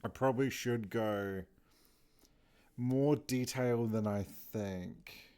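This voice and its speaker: A man's voice: mid-range voice, slow, warm tone, clear, resonant tone. A man streaming as he draws, tired and yawning, talking to himself in a casual muttering way. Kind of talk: casual talk while drawing.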